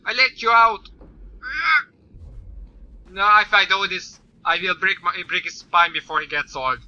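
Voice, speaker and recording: A man doing let's-play commentary, swearing often and yelling at the game. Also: fairly high pitch. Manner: swears a lot, yells at the game. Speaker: gaming YouTuber. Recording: slightly dull lo-fi mic with faint noise.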